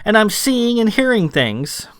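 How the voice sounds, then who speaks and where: Anxious young countess, read by a man, pitched up, courteous but flustered; dry audiobook sound. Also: big pitch swings, a little slow, no echo. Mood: distressed. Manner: polite, pleading, increasingly flustered. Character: young noble woman countess, anxious and earnest.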